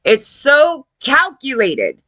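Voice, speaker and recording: A woman tears into her subject in a heated, profane opinion rant, scornful throughout. Her voice sits high and swings widely in pitch. The sound is dry and close. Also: wildly swooping pitch, slow pace, pushed and bright, dry recording. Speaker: commentator. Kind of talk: ranting opinion video.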